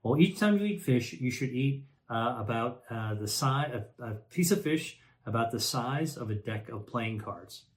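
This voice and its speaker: A man's voice: medium pitch, expressive, normal speed, few pauses. A man, a physician, explaining health topics to camera in a conversational way, with many fillers and self-corrections, often checking in with "all right" and repeating key points.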